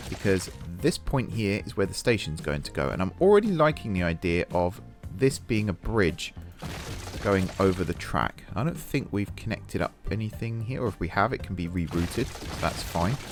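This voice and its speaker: A man hosting a casual let's-play, chatting and thinking aloud while he builds, and poking fun at his own mistakes. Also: sits low. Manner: self-deprecating about mistakes. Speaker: gaming channel host.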